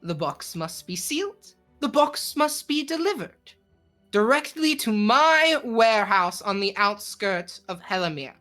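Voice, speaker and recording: A woman voicing a menacing, calm male crime boss in a tabletop game, speaking smoothly and with cold politeness. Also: medium pitch, faint music behind. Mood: businesslike. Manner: smooth, coldly polite, slow and deliberate.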